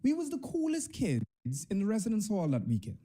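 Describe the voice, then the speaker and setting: Young Bahamian male storyteller, animated delivery, warm dark tone. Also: fairly quick, slightly rough. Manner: animated, swings between high and low pitch. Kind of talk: comic personal storytelling.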